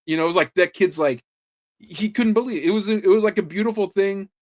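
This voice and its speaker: A man's voice: high-pitched, fast talker. Chatty man telling sports stories. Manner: animated storytelling, swears freely, lots of "like" fillers. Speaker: podcast host. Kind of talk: casual chat.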